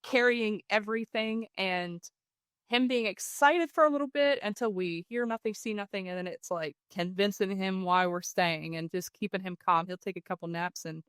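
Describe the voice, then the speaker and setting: A woman, a podcast guest telling a hunting story in a casual, animated way. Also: mid-range voice, moderate pace, clear, resonant tone, no room sound.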